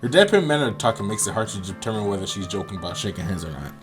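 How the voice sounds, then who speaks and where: A man's voice: fairly low pitch, lively intonation, rapid-fire, music in the background. A man hosting a game playthrough, chatting with viewers and reading the story aloud, often laughing self-consciously. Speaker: let's play host.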